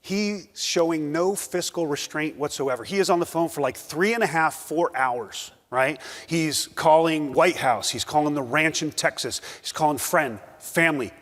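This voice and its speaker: A man's voice: fairly high pitch, moderate pace, hardly any pauses, a bit bright. A middle-aged man giving a casual, joking talk at a conference, full of fillers. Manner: joking, conversational, many fillers. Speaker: conference speaker. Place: conference hall. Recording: reverberant hall.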